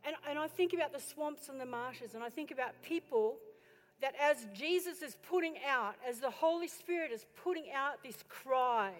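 A woman pastor preaching a sermon with passion, building to loud exhortation and turning to the congregation with chatty questions and asides. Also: sits high, normal speed. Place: church. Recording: echoey hall with faint music.

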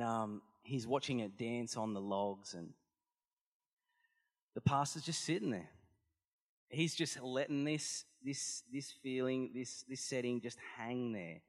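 A man's voice: mid-range voice, in a large hall. A man giving a sermon as a pastor, earnest and conversational, telling stories to the congregation.

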